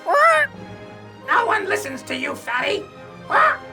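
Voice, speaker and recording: Mocking talking parrot; shrill squawks swinging wildly, music behind. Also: female voice, very animated, slow pace, full character voice. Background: game music.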